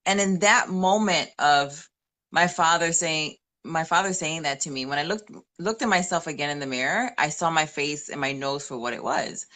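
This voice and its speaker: A woman's voice: low voice, normal speed, pushed and bright. A woman in her forties co-hosting a live stream, telling a personal story in casual testimonial chat, earnest, with a few Spanish phrases mixed in. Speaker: co-host of a manifesting live stream.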